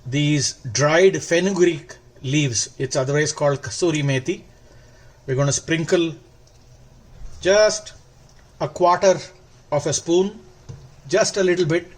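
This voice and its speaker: A man with a fairly high-pitched voice walks viewers through a recipe at the stove. He explains each step calmly and drawn out, leaning on words for emphasis. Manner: calm, step-by-step instructional. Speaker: cooking channel host. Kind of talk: cooking demonstration.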